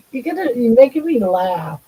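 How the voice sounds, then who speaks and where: A mellow, husky older woman talks slowly on a casual livestream from her home. She drifts between chatting with viewers and cooing to her pets in baby talk. Her tone stays soft and unhurried. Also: on the high side, poor audio. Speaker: livestream host.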